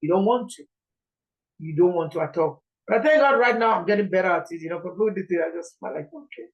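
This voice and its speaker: A woman's voice: on the low side, fast talker, lo-fi sound. Nigerian woman, informal sermon, earnest, repetitive, pleading. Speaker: preacher.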